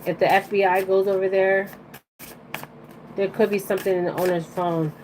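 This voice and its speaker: Live-streaming an oracle card reading for her viewers, a woman rambles bluntly in casual slang, repeatedly checking in with "okay?" Her mid-range voice holds at normal speed with little pitch movement over background noise.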